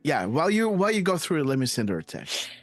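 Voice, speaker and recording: Excitable host, lively pitch, dry sound, faint music behind. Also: male voice, quick pace, no room sound. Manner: enthusiastic, gives shout-outs, playful. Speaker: host of a live show. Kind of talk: casual live-stream chat.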